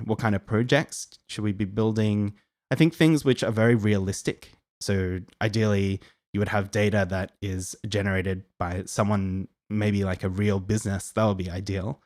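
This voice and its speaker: A young Australian man with a lowish voice hosts a casual live Q&A, answering viewer questions in studio-quality sound without echo. He's friendly and rambling, with lots of ums and restarts.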